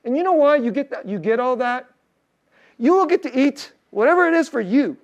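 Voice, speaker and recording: This male pastor's voice is very high-pitched, expressive, and brisk as he preaches in an easygoing storytelling manner. Fillers and soft chuckles pepper his words, and emotional points bring a hushed, tender delivery.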